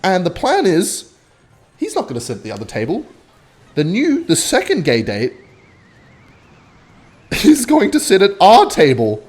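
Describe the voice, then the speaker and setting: A young man telling a rambling, swear-filled story while commentating his own gameplay, with sudden excited outbursts. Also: high-pitched, measured pace, long pauses. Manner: animated, swearing, bursts of excitement while playing. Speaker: gaming vlogger.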